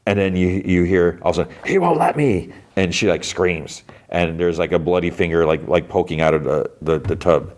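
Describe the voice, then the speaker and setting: A podcast host with a deep, low-pitched voice walks through a TV episode in a relaxed, rambling way. He lifts his voice when he quotes the characters' lines. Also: moderate pace, hardly any pauses. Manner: retells scenes loosely, quoting characters in a raised voice. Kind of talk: casual episode recap.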